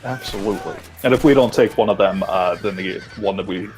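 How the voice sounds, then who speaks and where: A man's voice: lowish voice, fairly quick, a little mellow, soft background music. A man from South Carolina chatting casually with friends while streaming a video game, rambling and swearing freely. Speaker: let's play streamer. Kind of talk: casual group commentary.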